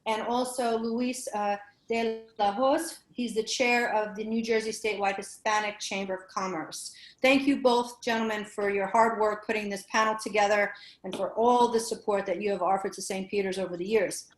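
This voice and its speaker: A woman with a New York accent, moderating a panel and introducing speakers, talking quickly with many fillers and restarts. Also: mid-range voice, steady tone, roomy sound, rough recording. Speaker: panel moderator, university program director. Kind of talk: panel introduction on a video call.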